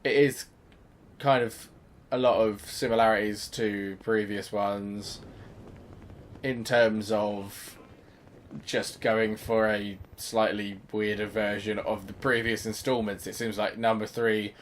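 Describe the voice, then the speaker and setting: A man's voice: lowish voice, flat delivery, slow, a little hiss or hum. A young man giving casual gameplay commentary as a gaming host, chatty and thinking aloud, swearing freely. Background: game sounds and music.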